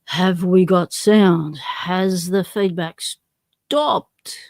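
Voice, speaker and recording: A woman's voice: fairly low pitch, drawn-out words, a little mellow, dry recording, studio quality. An Australian woman hosting a casual livestream, chatty and self-deprecating, greeting viewers one by one by name. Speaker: livestream host.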